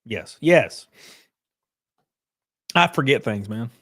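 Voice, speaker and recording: A man's voice: medium pitch, animated, slow, slightly rough. Loose, swearing male streamer. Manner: loose, swearing, shouts out chatters. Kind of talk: casual live-stream chat.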